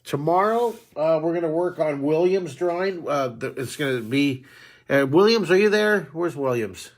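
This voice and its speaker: A man's voice: on the high side, animated, normal speed. Chatty middle-aged male drawing teacher. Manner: chatty, rambling, with frequent restarts; friendly, talks straight to viewers. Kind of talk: live-stream chat with viewers.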